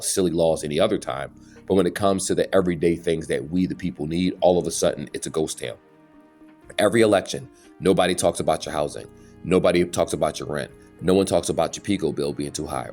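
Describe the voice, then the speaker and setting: A man's voice: sits low, darkish tone. A man talking to his channel viewers in an earnest, preachy way, now and then stumbling over his words. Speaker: YouTube channel host. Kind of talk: casual opinion monologue.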